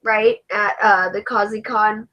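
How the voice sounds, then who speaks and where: A woman's voice: medium pitch, steady tone, a little slow, lo-fi sound. A woman with an English accent, chatting casually on a livestream as a cosplayer host, ranting animatedly and swearing freely.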